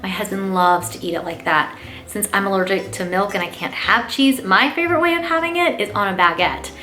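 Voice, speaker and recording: Bright-voiced, gushing woman vlog host. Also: medium pitch, a little fast. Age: adult parent. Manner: gushing and enthusiastic, lots of "oh my gosh"; warm, talks straight to viewers as "you guys". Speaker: lifestyle channel host. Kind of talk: chatty gift-guide vlog.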